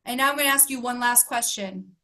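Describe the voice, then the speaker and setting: A woman's voice: on the high side, fairly quick, sharp tone. A woman life coach giving an emotional motivational talk to her group, earnest and emphatic, asking question after question. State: emotional, close to tears.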